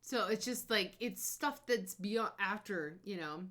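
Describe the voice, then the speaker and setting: A young woman streamer chatting casually over her travel photos, bubbly and gushing, breaking into excited squeals. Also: medium pitch, measured pace.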